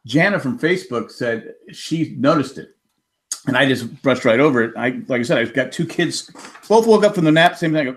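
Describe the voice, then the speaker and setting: A man in his thirties rambles through self-mocking stories in a casual podcast hangout. His voice sits at an ordinary middle pitch. He talks over a video-call mic. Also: lively intonation, a little fast. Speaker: podcast host.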